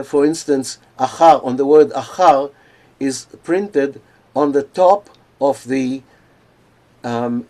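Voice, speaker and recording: An older man giving an academic lecture over a video call, pausing often with fillers and restarts. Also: mid-range voice, darkish tone. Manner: hesitant, many fillers and restarts.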